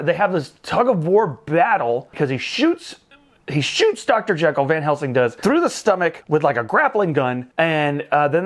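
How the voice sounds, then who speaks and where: Male movie reviewer, fairly high voice with an animated, bouncy delivery, jokey plot-recap energy. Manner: animated, joking, acts out movie lines in funny voices. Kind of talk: casual recap and commentary.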